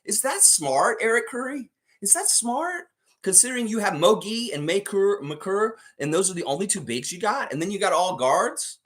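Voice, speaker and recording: A man's voice: high-pitched, lively intonation, moderate pace, fairly bright tone. A man hosting a livestream sports show, ranting heatedly and profanely at a coach with pointed rhetorical questions. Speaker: sports channel host. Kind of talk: livestream sports commentary rant.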